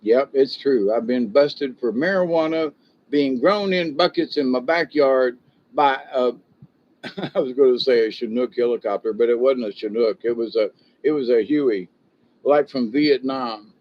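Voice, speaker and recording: A man's voice: mid-range voice, normal speed. A man rambling through a casual monologue, chuckling and self-mocking in a folksy way. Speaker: commentary vlogger. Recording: dull lo-fi home recording.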